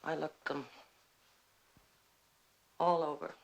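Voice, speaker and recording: A woman's voice: sits low, fairly even intonation, takes it slowly, vocal fry, full character voice. An actress playing a bitter, wry middle-aged woman who mocks herself with dry theatrical wit. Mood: sardonic. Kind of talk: stage play performance.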